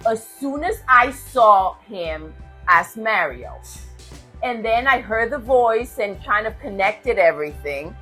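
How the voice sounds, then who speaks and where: A woman co-hosting a gaming podcast in casual, animated chat, laughing often and teasing back. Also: a little high, slow, husky, soft background music. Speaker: podcast co-host.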